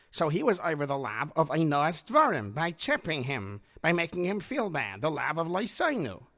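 A patient old grandfather from a children's audio drama, explaining things in a gentle, measured way. His voice is bright and clear, and it swings up and down a lot as he speaks. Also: mid-range voice. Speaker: grandfather, Zadie.

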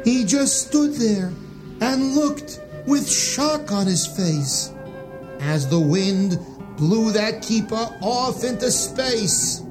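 A man reads a rhyming children's story aloud, unhurried and drawn out. His pitch rises and falls in a sing-song, expressive way. Music plays clearly behind him.

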